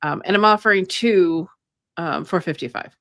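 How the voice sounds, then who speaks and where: Lady healer chatting on a live stream, kinda low voice, lots of ums, dry close sound. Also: moderate pace, fairly bright tone, dry recording. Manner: rambling, many ums and you-knows. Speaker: co-host, energy healer. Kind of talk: casual live-stream chat.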